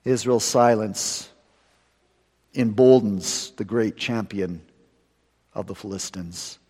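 A man preaching a sermon in dramatic style, slowing down for weight and rising to loud peaks. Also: lowish voice, husky. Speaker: pastor. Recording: long hall reverb.

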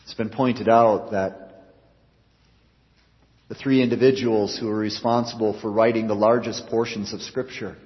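A man's voice: fairly even intonation, measured pace, long pauses. Earnest male pastor preaching in a reverberant church. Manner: earnest preaching, voice rising for emphasis and dropping low at phrase ends. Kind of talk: sermon. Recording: dull reverberant church recording.

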